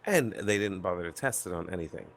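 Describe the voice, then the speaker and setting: A man's voice: low-pitched, lively intonation, quick pace, vocal fry, slight background noise. A man explaining his opinions on games in a casual round-table chat. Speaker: panelist.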